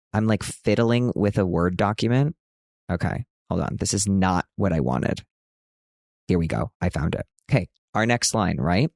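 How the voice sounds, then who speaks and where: A man's voice: fairly low pitch, no room sound, studio quality. A man in his thirties hosting a casual podcast from a hotel room, chatty and self-mocking, now and then jumping into a big dramatic announcer voice. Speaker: podcast host.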